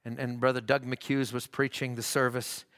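A pastor preaching a sermon in church, rising to fervent shouts, with frequent halting restarts. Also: male voice, medium pitch, little pitch movement.

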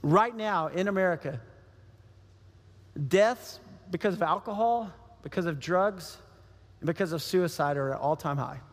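A man's voice: high voice, unhurried, long pauses, in a large hall. A man preaching a sermon as a pastor, telling a story animatedly and acting out the voices of the people in it.

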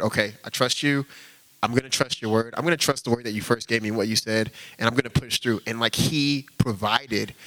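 A man's voice: mid-range voice, pushed and bright. A young man giving an earnest, informal testimony in church, peppering his talk with "like.". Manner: earnest, heavy use of "like" as filler.

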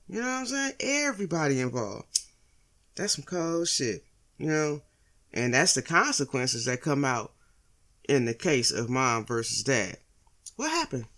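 Profane, rambling man with higher pitch. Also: a bit bright. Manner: rambling, heavy profanity, rhetorical questions. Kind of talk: profane monologue commentary.

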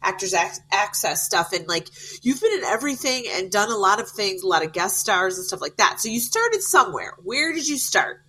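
A woman's voice: mid-range voice, sing-song, fairly quick, few pauses, pushed and bright, slightly rough, low-quality recording. A woman co-hosting an interview podcast, asking eager questions and cutting in with enthusiastic interruptions. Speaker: podcast co-host. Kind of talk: casual interview chat.

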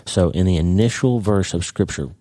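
A man from Oklahoma giving earnest devotional Bible teaching on his podcast, slowing down to stress key phrases. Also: sits low, warm tone, dry recording. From Oklahoma, United States. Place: ranch.

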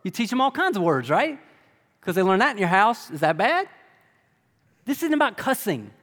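A man's voice: sits high, big pitch swings, moderate pace, a bit bright. Man preaching in an echoing hall. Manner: conversational preaching with rhetorical questions. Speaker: pastor. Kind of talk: sermon. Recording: long reverb of a large hall.

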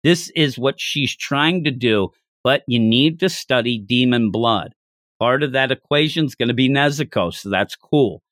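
A man's voice: mid-range voice, a little slow, fairly bright tone, no echo, clean studio sound. A man co-hosting a casual podcast about a manga, talking animatedly and acting out characters' lines in shifting voices. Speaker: podcast co-host.

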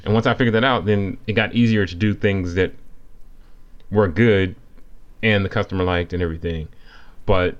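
A man's voice: low-pitched, steady tone, moderate pace, long pauses, clean tone, lo-fi sound. A man talking casually as a podcast co-host, rambling a little with fillers as he tells stories about design work.

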